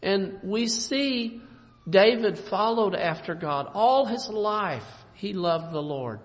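A man preaching a sermon with an emphatic delivery that swings between loud and soft. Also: high voice, lively intonation, slow. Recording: dull lo-fi recording in a reverberant hall.

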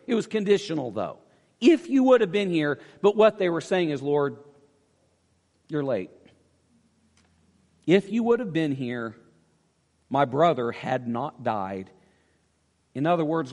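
A male pastor preaching a sermon, swinging between loud emphatic declarations and soft, intimate pleading. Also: a little high, sing-song, unhurried, pauses often. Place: church sanctuary. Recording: long reverb of a large hall.

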